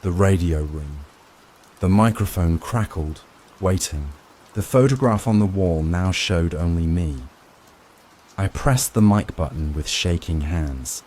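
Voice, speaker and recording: A man narrating a first-person horror story in a slow, hushed storytelling manner. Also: low-pitched, expressive. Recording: faint rain sound behind voice. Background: rain.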